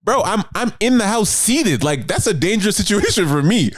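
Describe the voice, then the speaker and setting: A man in his thirties, a podcast co-host, telling a story in casual, animated, profane chat. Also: high voice, normal speed, no echo. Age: 30s.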